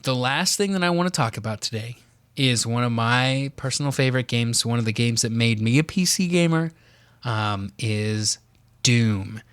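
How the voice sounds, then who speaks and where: A man's voice: medium pitch, moderate pace, a bit bright, clear, resonant tone, no echo. Man explaining game history, dry sound. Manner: explains at length with many fillers. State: has the hiccups. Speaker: podcast co-host. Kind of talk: casual chat.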